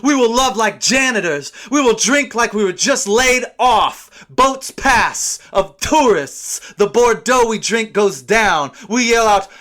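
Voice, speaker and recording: A man performing a spoken word poem in a declamatory way, swinging between low asides and loud bursts. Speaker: slam poet.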